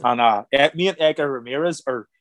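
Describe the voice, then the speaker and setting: A man telling a story in an interview as a guest, animated and acting out the voices of people he quotes. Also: medium pitch, a little fast, no room sound. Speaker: guest, former boxer turned actor.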